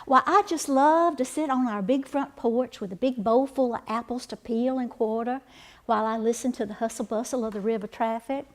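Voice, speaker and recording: A woman's voice: fairly high pitch, moderate pace, close to an everyday voice. A middle-aged woman, playing a chatty, laughing 1880s river-town wife and mother in a period monologue. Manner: gossipy, laughing, folksy.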